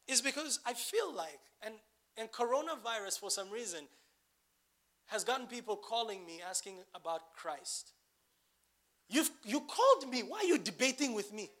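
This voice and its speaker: High-voiced, bright male preacher. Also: very animated, moderate pace. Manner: call-and-response questions, building to emphatic bursts. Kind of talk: sermon.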